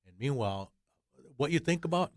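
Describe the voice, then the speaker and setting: An older man, a combat veteran guest, speaking in blunt short phrases, halting and repeating words. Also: on the high side, lively intonation, no room sound, clean studio sound. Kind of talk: interview recollection.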